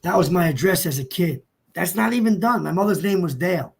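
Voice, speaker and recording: A man's voice: high-pitched, expressive, a little fast, gravelly, background noise. A man from New Jersey, a guest speaker, telling a personal story in an emotional, choked-up, emphatic way.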